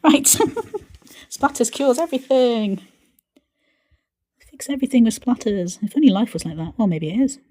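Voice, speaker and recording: A woman hosting a live painting stream, chatting playfully to herself as she works and sometimes dropping to a soft mutter. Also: fairly high pitch, lively intonation, moderate pace, pauses often. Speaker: art channel host.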